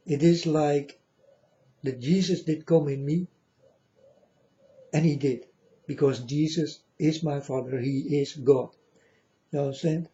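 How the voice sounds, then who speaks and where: Slow, dark-voiced man preaching to viewers. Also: a little high, steady tone, highs cut off. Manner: slow, repetitive, keeps asking "you understand?". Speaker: channel host. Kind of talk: religious monologue to viewers.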